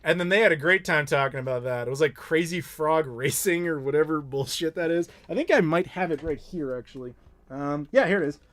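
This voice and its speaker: American man, casual live stream host, animated rambling stories, slightly high voice. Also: brisk. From Chicago, United States. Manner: rambling, animated storytelling with laughs and swearing. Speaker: YouTube host answering live questions.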